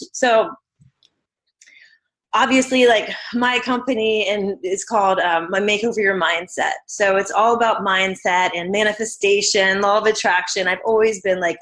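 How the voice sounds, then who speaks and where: A woman's voice: medium pitch, a bit bright. A woman hosting a podcast interview, chatty and rambling as she frames her questions. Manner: chatty, rambling, many fillers. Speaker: podcast host.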